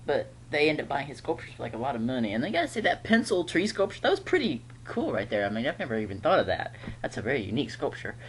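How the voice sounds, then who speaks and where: A man's voice: medium pitch, wildly swooping pitch, quick pace, hardly any pauses, a little hiss or hum. Man rambling through a chatty recap. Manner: chatty, rambling, laughs often. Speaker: TV episode reviewer. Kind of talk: casual episode recap.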